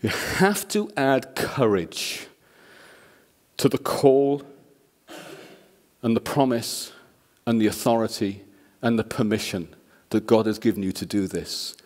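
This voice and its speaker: A man's voice: lowish voice, slow pace, long pauses. Male preacher telling stories. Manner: animated storyteller, voices the people in his stories. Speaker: guest preacher. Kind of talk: sermon with storytelling.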